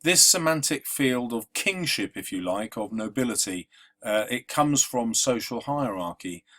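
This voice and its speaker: A man's voice: medium pitch, expressive, measured pace, pushed and bright. A man teaching a literature lesson, conversational and explanatory, with frequent ums and uhs. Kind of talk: exam-revision lesson.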